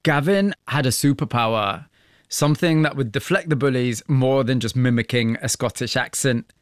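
Measured male radio presenter. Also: medium pitch, no room sound, clean studio sound. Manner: measured, empathetic questioning. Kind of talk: broadcast interview with scripted narration.

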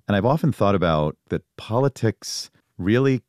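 A man's voice: on the low side, animated, normal speed, a little mellow, dry recording, clean studio sound. A middle-aged man, a journalist and co-host, reflecting earnestly in a conversational political discussion. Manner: reflective, earnest, musing aloud.

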